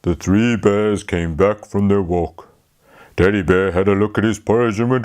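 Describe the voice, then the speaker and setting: A man telling a fairy tale to children, speaking slowly and talking to them directly. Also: lowish voice. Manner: slow, lively, talks to the children. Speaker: storyteller. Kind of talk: children's storytelling.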